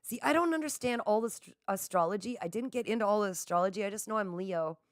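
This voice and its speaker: A middle-aged woman hosts a casual livestream, reading viewer comments aloud, laughing often and speaking straight to her audience with excitement. Her mid-range voice moves fast, and the studio-quality sound has no room tone.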